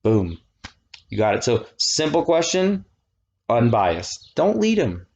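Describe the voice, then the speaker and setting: A man in his thirties giving a casual, animated classroom lecture, often checking that students follow. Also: medium pitch, slow. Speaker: college lecturer.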